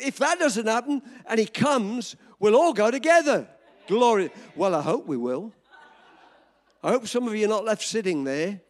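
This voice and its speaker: A high-pitched, lively male pastor preaches to his congregation, joking and then driving his points home with emphatic bursts. His voice swoops up and down as he goes. Long reverb from the church hall trails behind every phrase. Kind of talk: sermon.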